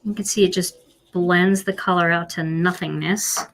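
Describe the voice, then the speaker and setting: A woman's voice: lowish voice, fairly even intonation, moderate pace, a bit bright, a little hiss or hum. A woman with a Philadelphia accent hosting a live card-making demonstration, chatty and self-deprecating as she colors. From Philadelphia, USA.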